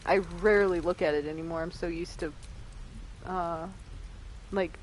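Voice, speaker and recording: A woman's voice: lowish voice, fairly even intonation, moderate pace, a little hiss or hum. A young woman playing a video game and chatting casually, laughing often and reading dialogue choices aloud. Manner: reads dialogue options aloud. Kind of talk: casual let's-play commentary.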